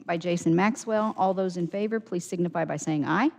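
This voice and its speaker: A woman with a lowish voice chairs a county council meeting, reading budget figures and calling votes in a businesslike manner. Her voice rings with long reverb from the meeting hall. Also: a little fast, creaky, darkish tone. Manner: businesslike, reads figures aloud.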